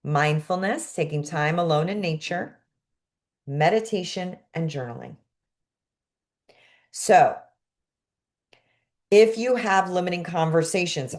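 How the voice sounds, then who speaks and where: A middle-aged woman with a Brooklyn accent teaching an online class, energetic and expressive, sometimes dropping to a hush for emphasis. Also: lowish voice, unhurried, long pauses. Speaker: creativity coach.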